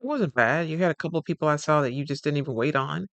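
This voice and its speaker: A man's voice: a little high, very fast, vocal fry, dry recording, lo-fi sound. A man coaching on communication in a casual, rambling talk, often acting out the people he describes and correcting himself mid-word. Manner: animated, acts out quoted dialogue.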